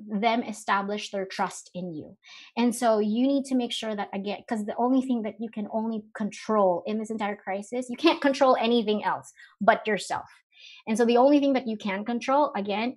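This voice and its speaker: A woman's voice: fairly high pitch, fairly bright tone. A woman presenting a live webinar, talking casually with many fillers and rhetorical questions. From Philippines. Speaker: webinar speaker.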